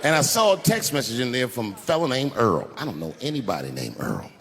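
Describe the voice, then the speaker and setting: A man doing stand-up comedy, telling a long story and acting out the voices with big swings in pitch. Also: big pitch swings, a little fast, gravelly, a bit bright. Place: comedy club stage. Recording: live club with long reverb and faint ambience.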